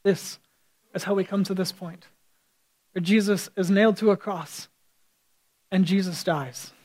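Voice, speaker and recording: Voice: medium pitch, fairly even intonation, a little slow, a little mellow, low-quality recording. A pastor preaching a sermon in an impassioned way, rising to fervent emphasis.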